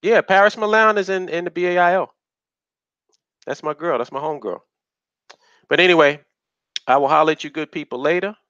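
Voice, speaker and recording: A man's voice: fairly high pitch, a little fast, long pauses, fairly bright tone, no echo, highs cut off. A man hosting a casual live stream, talking bluntly and rambling, with profanity, on a budget USB mic.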